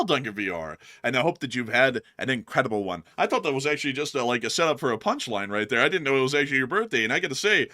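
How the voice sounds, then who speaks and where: A man's voice: on the high side, sing-song, rapid-fire, hardly any pauses, sharp tone. A man hosting a casual live stream, upbeat and chatty, thanking supporters at length. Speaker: host.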